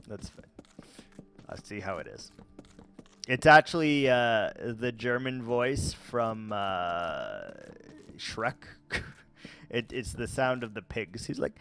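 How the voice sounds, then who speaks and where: A man casually chatting with viewers while playing a game, rambling and relaxed with many fillers and restarts. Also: medium pitch, takes it slowly, long pauses, clear, resonant tone, dry recording. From United States. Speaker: gaming vlogger. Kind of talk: casual let's-play chat answering viewers.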